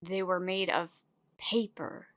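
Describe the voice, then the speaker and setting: Player, female, slow and deliberate, lowish voice, dry sound. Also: steady tone, fairly bright tone, dry recording. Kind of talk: in-character tabletop play.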